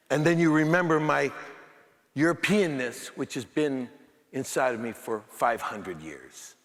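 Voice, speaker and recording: Gravelly, slightly high man, keynote speaker, animated and playful with the crowd, reverberant auditorium. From United States. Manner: animated, emphatic, joking with the audience. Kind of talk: keynote speech with comic storytelling. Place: large auditorium before an audience. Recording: echoey hall with faint crowd.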